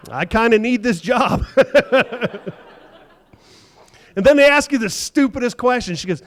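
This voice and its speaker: A man's voice: very high-pitched, expressive, measured pace, pauses often, fairly bright tone. A man in his fifties doing a stand-up set in a comedy club, telling stories conversationally, acting out the other people in them, and swearing freely. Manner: conversational storytelling, acts out quoted dialogue, swears.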